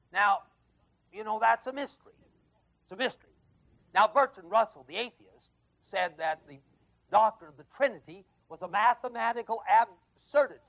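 A man's voice: high-pitched, vocal fry. A man teaching an adult Bible class in a classroom, emphatic, repeating key words and quizzing his listeners. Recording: dull lo-fi 1979 class recording.

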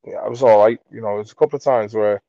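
A man's voice: on the low side, fairly even intonation, racing, creaky, warm tone, no room sound, dull audio. Crude, rambling comedian in his forties. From Merseyside, England. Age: 40s. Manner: crude, self-mocking, rambling with restarts. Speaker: comedian, podcast guest. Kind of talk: casual chat.

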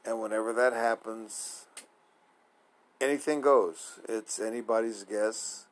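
A man with a fairly low voice hosts his own show in a loose, rambling monologue. He trails into fillers and restarts, sounding drowsy and a little apprehensive. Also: poor audio. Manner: nervous, apprehensive. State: sleepy, yawning. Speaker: podcast host. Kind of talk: casual solo monologue.

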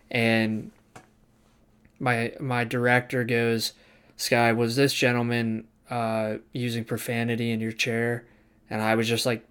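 A man's voice: medium pitch, fairly bright tone, clean tone. A young man, a barber student, telling a story casually and acting out the people he quotes, swearing now and then.

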